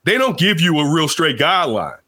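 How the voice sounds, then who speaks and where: A man hosting casual sports talk, animated and rambling, jumping from loud outbursts to low asides. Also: fairly quick, slightly rough. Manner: rambling, restarts often.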